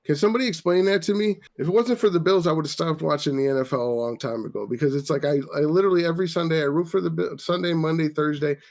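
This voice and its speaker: A man's voice: fairly high pitch, racing, vocal fry, hardly any pauses, a little mellow. A man hosting a casual podcast, ranting profanely about sports after a few drinks. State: tipsy. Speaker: podcast host.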